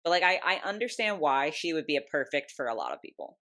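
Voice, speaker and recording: A young woman vlogging about her doll collection in an excited, chatty way, full of fillers and little laughs. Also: deep voice, fast talker. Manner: gushing, chatty, lots of "like" and laughs. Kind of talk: casual ranking vlog.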